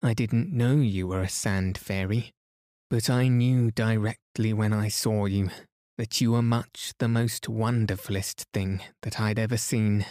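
A man reading the lines of an excited, wide-eyed young boy in a bedtime story, eager and pleading. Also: fairly low pitch, unhurried, no echo, studio quality, lightly acted.

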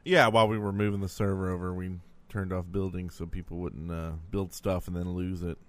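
A man with a mid-pitched voice chats on a podcast. He teases the others playfully and jokes around in a relaxed way. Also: a little fast. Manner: teasing, playful. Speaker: podcast co-host. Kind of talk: casual chat.

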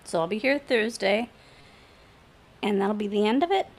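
A woman's voice: mid-range voice, normal speed, lightly acted. A woman reading aloud, voicing a hungover young man who protests in alarm and blusters while cornered. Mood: nervous.

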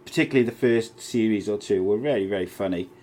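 A man's voice: on the low side, quick pace, darkish tone. A man co-hosting a podcast who reads out viewer comments and gives blunt, mocking opinions in casual banter. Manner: blunt, mocking, swears freely. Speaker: podcast co-host reading live chat.

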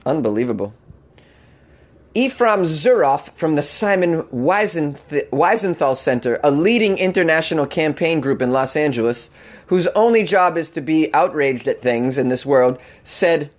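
A man's voice: a little high, lively intonation, moderate pace. A man with a Boston accent hosting a comedy news show, riffing with sarcasm and mock outrage and laughing at his own jokes. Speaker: comedian podcast host.

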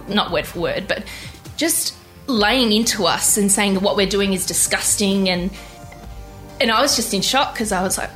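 A young woman telling her personal story in an interview, candid and halting, with many restarts. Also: medium pitch, a bit bright, faint music behind. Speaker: interview guest.

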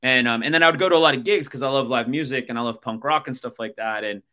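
A man's voice: medium pitch, fast, bright, forceful tone. A man in his thirties with an American accent, hosting a podcast and telling long, rambling stories full of fillers in casual chat. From United States. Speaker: podcast host.

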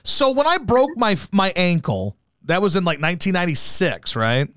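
A male radio host chatting casually, teasing his mother and telling stories in a lively way. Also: sits high, normal speed, dry recording, studio quality. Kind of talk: casual chat.

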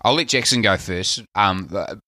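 Man, New Zealand accent, casual podcast chat, hedging and thoughtful, bright voice, dry sound. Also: on the low side, moderate pace, no room sound. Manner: thoughtful, hedging, laughs easily. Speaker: podcast guest panelist. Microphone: remote call.

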